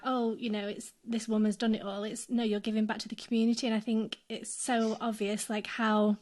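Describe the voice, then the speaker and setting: A young woman hosting a podcast, speaking in a casual, heartfelt way and openly getting emotional. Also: a little high. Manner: warmly emotional, affirming. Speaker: podcast host. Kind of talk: casual interview chat.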